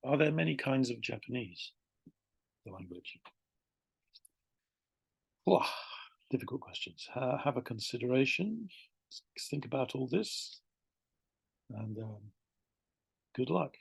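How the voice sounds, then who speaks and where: A British man giving a relaxed, chatty English lesson, repeating words slowly to demonstrate pronunciation. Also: mid-range voice, creaky, husky, no room sound. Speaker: English teacher. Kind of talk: casual spoken English lesson.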